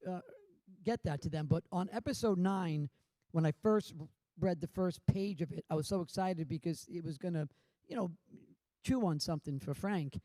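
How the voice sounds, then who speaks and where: Animated high-pitched storytelling man. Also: normal speed, dry recording. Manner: animated storyteller, acts out quotes. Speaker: panelist. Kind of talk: anecdote-telling panel talk.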